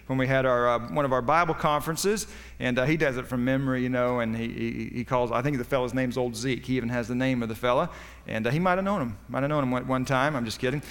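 A man's voice: medium pitch, a bit bright, in a large hall. A man preaching a sermon as pastor, with a folksy, joking delivery that rises for punchlines.

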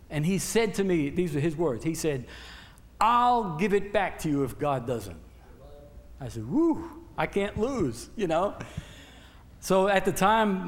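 A man's voice: a little high, in a large hall. An older man giving a folksy sermon testimony, rambling with stammered restarts and humorous storytelling. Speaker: church speaker giving testimony.

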